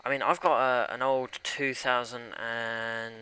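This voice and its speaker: A man's voice: medium pitch, little pitch movement, unhurried, pushed and bright, clear, resonant tone. A young man chatting casually and rambling as he streams a game, grumbling at it along the way. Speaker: live streamer.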